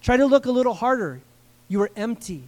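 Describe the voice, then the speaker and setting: A man preaching a sermon as pastor, conversational and animated, with asides and questions to the congregation. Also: very high voice, brisk. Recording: long reverb from a hall.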